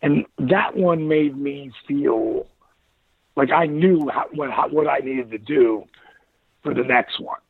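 A man with a gravelly, husky voice pitched a little high tells rambling, animated stories as an interview guest. His voice comes through a tinny, phone-like line that sounds dry and close. He laughs often between his stories. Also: slow pace, no echo. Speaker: interview guest, former wrestler. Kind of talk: casual interview chat.

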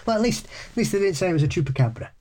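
A man co-hosting a podcast in casual chat, halting and repeating his words, often laughing. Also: sits high, animated, dark tone. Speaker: podcast co-host. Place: pub.

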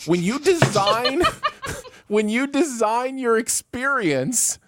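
A chatty, opinionated co-host in a relaxed conversation. The voice rises and falls a lot, with a faint hiss underneath. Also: medium pitch, slow. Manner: chatty, opinionated, reads chat comments aloud. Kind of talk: casual chat.

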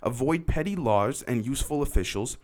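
A man's voice: medium pitch, animated, a little fast. A man hosting a podcast, telling a story in a casual, rambling way and talking straight to his listeners. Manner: rambling, conversational, addresses listeners directly. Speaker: podcast host.

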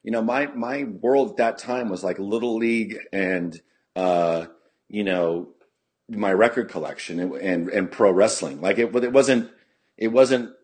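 A man's voice: fairly low pitch, a little slow, darkish tone, breathy edge, no room sound. A middle-aged man from California telling a story in casual podcast chat, rambling and profane, full of restarts and "you know". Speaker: podcast guest, punk musician.

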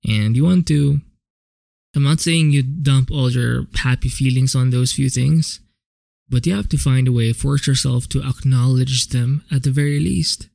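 A man's voice: medium pitch, unhurried, vocal fry, a little mellow, no room sound. A man hosting his own podcast, talking alone in a casual, rambling way, swearing freely and often correcting himself mid-sentence, recorded on a home podcast microphone. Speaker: podcast host. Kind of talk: solo reflective podcast monologue.

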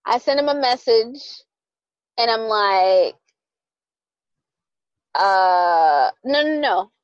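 A young adult woman co-hosting a podcast, telling a dating story in casual chat, animated and profane, acting out both sides. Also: mid-range voice, very slow, no echo, dull audio. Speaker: podcast co-host.

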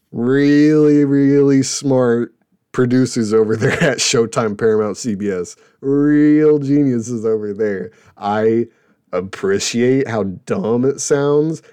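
Man, young adult, sarcastic, rambling, warm mellow tone, casual show host. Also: medium pitch. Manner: sarcastic, rambling, laughs at his own jokes. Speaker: podcast host reviewing TV shows. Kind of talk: casual opinionated chat.

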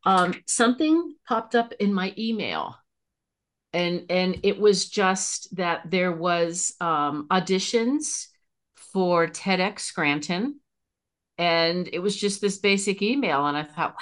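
A middle-aged woman from Pennsylvania, a guest on a podcast, telling her stories in casual chat with her voice leaping up when excited. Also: fairly low pitch, slow.

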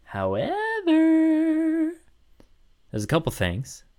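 Man, casual chat, rambling with lots of fillers, low smooth voice, dry close sound. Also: normal speed, no echo. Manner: rambling, excited storytelling with many fillers.

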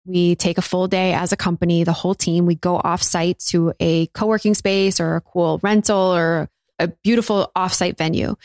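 Woman in her thirties, podcast host; frank and spiritual, low-set voice, recorded dry and close. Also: a little mellow, no echo. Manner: candid, spiritual, swears casually. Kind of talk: reflective solo podcast monologue.

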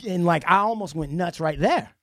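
A man's voice: high-pitched, expressive, normal speed, bright, forceful tone. A man hosting a podcast, telling a heated story in casual profane talk. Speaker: podcast host.

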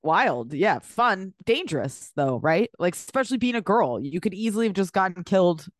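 A woman co-hosting a podcast in casual chat, animated and chatty with lots of filler words. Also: mid-range voice, moderate pace, no room sound, studio quality. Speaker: podcast co-host.

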